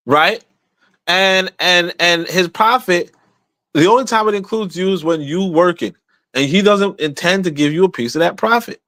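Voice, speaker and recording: Man, podcast host, high-pitched, animated and repetitive, dead dry room. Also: no room sound. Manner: emphatic, repetitive, conversational with rhetorical questions. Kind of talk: casual livestream talk.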